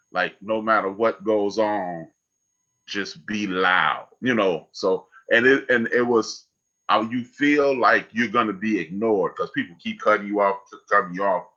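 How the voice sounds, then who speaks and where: A man in his fifties telling a story in a casual conversation, animated and acting out remembered lines. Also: lowish voice, a little slow. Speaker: discussion participant. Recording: dull lo-fi audio.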